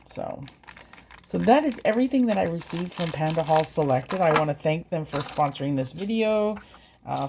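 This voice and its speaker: A woman's voice: low-pitched, gravelly, noisy background. A woman vlogger chatting casually and hesitantly as she unboxes and reviews craft supplies. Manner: chatty, hesitant, with fillers and self-corrections.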